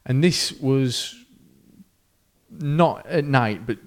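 A man hosting a podcast, spinning a tale in a casual chatty way. His voice sits at an ordinary middle pitch, and his animated telling leans into the tension as the story builds. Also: drawn-out words. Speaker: podcast host.

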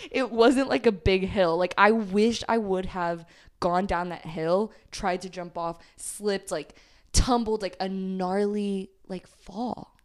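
A woman's voice: mid-range voice, slow, darkish tone. A young woman from Texas co-hosting a podcast, telling a rowdy story in casual, profane chat full of laughs and "like"s. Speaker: podcast co-host.

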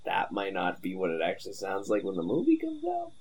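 A young man co-hosting a podcast in casual chat, talking animatedly and slipping into quick impressions. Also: low voice, vocal fry, crowd noise. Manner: animated, drops into impressions and quotes while talking. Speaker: podcast co-host.

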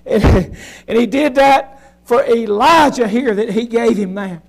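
A man with a strikingly high voice preaches a fervent sermon. He swings from shouting down to a near hush, and keeps asking his listeners rhetorical questions. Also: a little slow, creaky, rough recording. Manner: fervent, swinging from loud shouting to hushed quiet; asks the congregation rhetorical questions.

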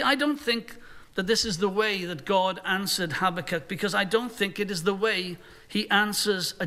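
A man's voice: high voice, pushed and bright. A male pastor delivering a sermon in an earnest manner, sometimes acting out imagined voices.

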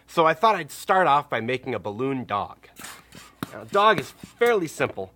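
A man's voice: mid-range voice, very animated, moderate pace, sharp tone. A man telling a children's story, upbeat and encouraging as he reads a picture book aloud.

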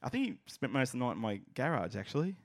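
A man's voice: medium pitch, big pitch swings, fast talker, no room sound, clean studio sound. A man with an Australian accent co-hosting a casual sports podcast, full of crude, swearing banter. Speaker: podcast co-host. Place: small room at a table.

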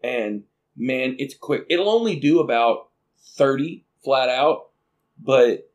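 A man's voice: mid-range voice, slow. A man from Arkansas with a light Southern accent, chatting casually and laughing often as he swears and tells stories. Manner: laughing, swearing, animated storytelling. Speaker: podcast co-host. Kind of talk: casual chat.

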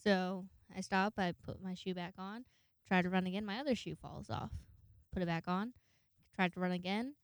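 A young woman in her twenties with a lowish voice tells a rambling story in a casual monologue at a normal pace, swearing a lot and acting out the voices of the people she quotes. The recording is dry and studio-clean.

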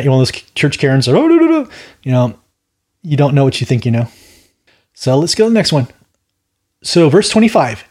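With a voice that's a little high, a little mellow and husky, a man teaches a Bible study verse by verse. His delivery rambles with opinionated asides, and he keeps stammering, repeating words and restarting.

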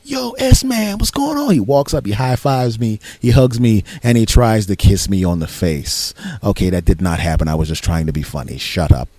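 A man hosting a podcast, telling a story in an animated, exasperated rant. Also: low-pitched, normal speed, few pauses, dry recording. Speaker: podcast host. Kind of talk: casual comic storytelling.

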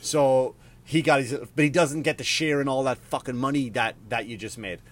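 A man, maybe, hosting a podcast in a profane, rambling, animated rant. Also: mid-range voice, normal speed. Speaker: podcast host. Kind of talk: casual ranting monologue.

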